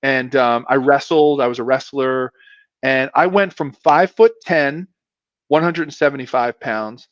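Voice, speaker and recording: Unhurried and medium-pitched, a South Philadelphia guest who once played pro football rambles through a casual storytelling interview, self-deprecating and full of restarts and fillers. The recording is dry, with a dull, muffled sound.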